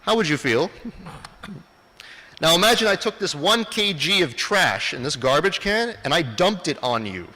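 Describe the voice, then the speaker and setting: A man lectures in a bright, lively voice that rises and falls a lot. He keeps asking his audience questions and then answers them. Long reverb from the hall trails after his words. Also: fairly high pitch, normal speed. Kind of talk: lecture presentation.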